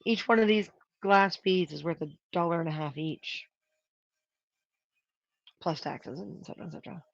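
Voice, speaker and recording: A prop maker chats casually on a livestream while working, thinking out loud and tallying up costs. The gravelly, middling-pitched voice moves at a moderate pace, and the audio is dry, close, dull, and lo-fi, with no room sound.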